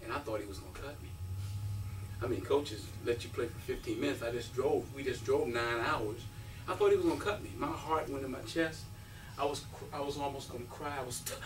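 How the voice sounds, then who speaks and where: A former college basketball player in his fifties tells stories at a breakfast gathering, his fairly high voice moving a little fast as he acts out quotes and laughs frequently. Captured from a distance in a roomy space, the audio carries slight hiss or hum.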